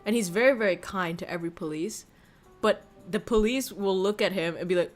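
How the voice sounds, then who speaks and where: A woman's voice: mid-range voice, a little fast, faint music behind. A woman streamer in casual chat who laughs often and swears casually.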